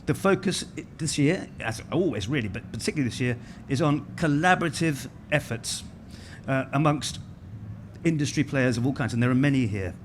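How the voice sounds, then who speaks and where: A middle-aged man serves as master of ceremonies, giving a conference welcome speech into a stage microphone in a large hall. Chatty and self-mocking, he speaks a little fast at medium pitch with lively intonation, amid slight background noise.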